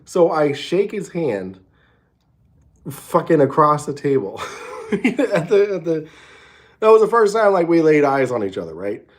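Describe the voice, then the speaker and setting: A man's voice: fairly high pitch, very animated, measured pace, pauses often. A man hosting a casual late-night livestream from a hotel room, rambling and swearing with many restarts. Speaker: show host.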